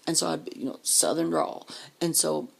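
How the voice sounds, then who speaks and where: A woman's voice: low voice, normal speed, gravelly, slightly rough. A woman telling a long personal story in a casual, profane way, acting out what people said and sometimes dropping to a whisper. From Denver area, US. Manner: profane, animated, acts out quoted voices, drops to whispers. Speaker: vlogger.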